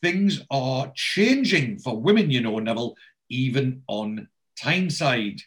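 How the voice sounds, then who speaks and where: A wry, put-upon sitcom wife, as a man quotes her. The voice stays at a middle pitch, and she is delivered plainly in a chatty retelling. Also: expressive, a little slow, a bit bright. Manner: casual retelling of a sitcom scene.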